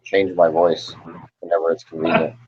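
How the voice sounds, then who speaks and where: A man's voice: deep voice, little pitch movement, normal speed, a little hiss or hum. A man joining an online call as a guest, joking crudely and sarcastically. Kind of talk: casual call-in chat. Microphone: computer mic on a video call. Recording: dull lo-fi online call audio.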